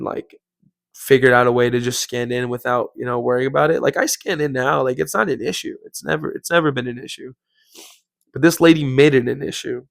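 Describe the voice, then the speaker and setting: In a dry recording, a young man hosts a podcast and tells a story in a casual, rambling way, leaning heavily on "like" and "bro." His mid-range voice is gravelly and a bit bright.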